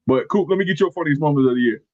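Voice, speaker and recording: A man's voice: a little high, rapid-fire, dry recording, highs cut off. A man co-hosting a wrestling podcast in casual, slangy chat, laid-back and sometimes searching for names. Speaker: podcast co-host.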